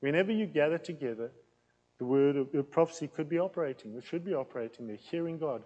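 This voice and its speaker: A man preaching a teaching sermon in a plain, loud, conversational way, with an accent that he says can sound aggressive. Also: on the high side, fast talker, long reverb tail, lo-fi sound. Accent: non-local accent in England. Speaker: pastor teaching a series.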